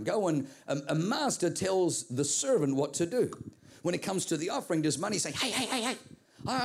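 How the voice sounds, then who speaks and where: A man from Australia preaching a sermon, telling stories in an animated way with repeated words. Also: sits high. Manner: animated storytelling with comic voices and repeated words.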